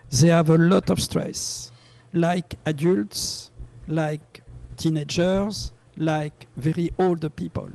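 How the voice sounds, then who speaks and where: A French-accented man leads a meditation lesson over a video call, his high voice gravelly and mellow. He speaks slowly and earnestly, repeats his key phrases, and chuckles often. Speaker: meditation teacher. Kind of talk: live online class.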